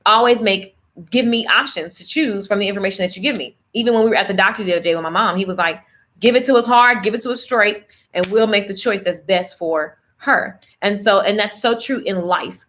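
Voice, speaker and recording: A woman business coach talking straight to her viewers, chatty and animated. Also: medium pitch, a little fast. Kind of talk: livestream coaching pitch.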